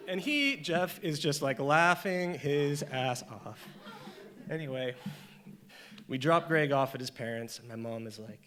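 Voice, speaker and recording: A man's voice: fairly high pitch, measured pace. A man doing stand-up comedy on stage, telling a story and acting out the voices in it. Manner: animated, acts out voices in the story.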